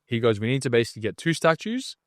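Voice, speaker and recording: A man's voice: mid-range voice, very animated, fast, no room sound. Male podcast guest, casual storyteller, slangy, dry close sound. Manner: casual, slangy, acts out other people's lines. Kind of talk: animated storytelling.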